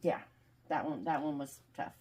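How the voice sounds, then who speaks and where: A woman author being interviewed, chatting casually and animatedly, quick to laugh. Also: sits low, fairly even intonation, a little mellow. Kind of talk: casual video call chat.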